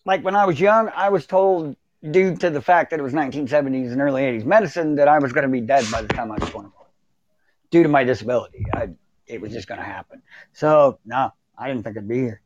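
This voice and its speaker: A man's voice: mid-range voice, fast talker, highs cut off. A man in his forties, a podcast guest, chatting casually with crude, blunt humour. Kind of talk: casual chat.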